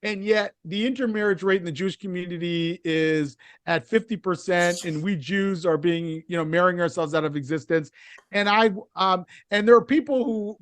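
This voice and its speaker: A man's voice: high-pitched, normal speed, dry recording. A middle-aged man speaking as a podcast guest, explaining his views earnestly with frequent restarts. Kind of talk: casual interview conversation.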